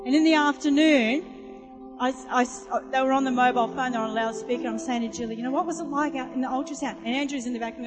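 High-voiced woman preaching in a hall. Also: fast talker. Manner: animated storyteller, acts out voices. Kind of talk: sermon with storytelling. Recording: live sermon in a reverberant hall with music behind.

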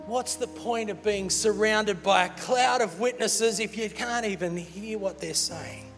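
A pastor preaching in a big church hall, his high voice carrying a long reverb tail. He speaks slowly and deliberately, playful and animated, with soft music faintly underneath. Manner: animated, playful, laughs between points. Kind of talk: sermon.

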